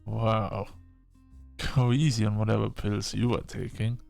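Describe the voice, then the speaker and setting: A man's voice: lowish voice, level tone, a little slow, vocal fry, darkish tone, faint music behind. A man voicing a stern, blunt young woman who speaks in a dry, matter-of-fact, scolding way.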